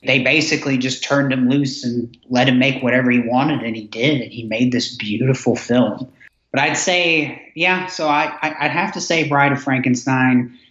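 A man's voice: medium pitch, steady tone, normal speed, fairly bright tone. A man, a podcast guest, chatting enthusiastically about old films, rambling with restarts. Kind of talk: casual chat. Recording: roomy, dull lo-fi sound.

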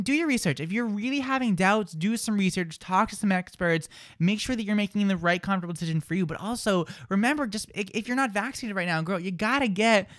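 A man co-hosting a live morning radio show, chatting in an animated, jokey and self-deprecating way. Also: high-pitched.

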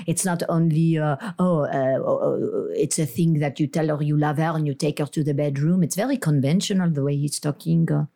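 A woman voices a haughty French lady arguing about romance with a thick French accent. Her voice sits low and warm, unhurried and scornful. She flirts and sneers in the same breath, as in a comedy podcast. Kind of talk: improvised comedy podcast character.

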